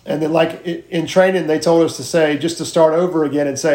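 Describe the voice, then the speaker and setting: An earnest man talks through his sales notes on a group video call, with halting restarts. His voice sits a little high for a man. The room around him echoes clearly. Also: fairly even intonation, darkish tone. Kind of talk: casual group call, sharing tips.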